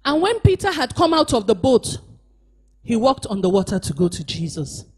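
Husky-voiced woman preaching a sermon. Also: a little high, sing-song, normal speed. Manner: emphatic preaching, swinging between shouts and hushed asides; calls on the congregation to respond. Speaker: pastor. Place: church service.

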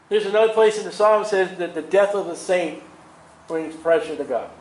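High-voiced, animated male preacher. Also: fairly quick, echoey room, low-quality recording. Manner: animated, chuckles at his own asides. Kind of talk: sermon.

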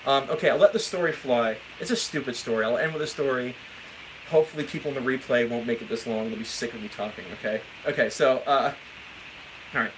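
A man's voice: medium pitch, fast talker, noisy background. A man, a guitar teacher chatting casually on a live stream, rambling and laughing through a story. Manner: rambling, self-interrupting, laughs often while telling stories.

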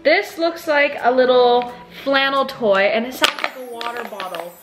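A woman's voice: a little high, moderate pace, noisy background. A woman vlogging in a bubbly, casual way who often coos at her puppy. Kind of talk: casual vlog chat.

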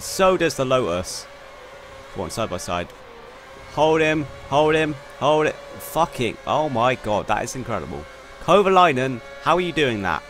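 A young man commentating on his own racing game run, excitable and quick to swear in frustration. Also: mid-range voice. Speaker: gaming YouTuber. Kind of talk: gameplay commentary. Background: faint game car engine noise.

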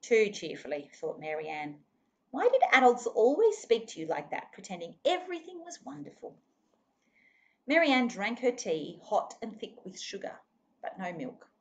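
A woman's voice: medium pitch, big pitch swings, normal speed, a little mellow, lo-fi sound. A woman reading a children's novel aloud expressively, now and then speaking to her listeners. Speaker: reader.

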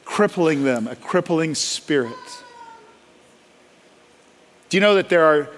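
Male pastor, sermon delivery, impassioned storyteller, loud then hushed, slightly high voice. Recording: long hall reverb.

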